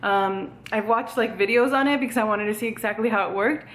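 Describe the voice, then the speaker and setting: A young, out-of-breath woman vlogs from home on a tripod camera, chatting in a bubbly, rambling way full of "like" and "um." Her mid-range voice is brisk and a bit bright, and the room sounds echoey.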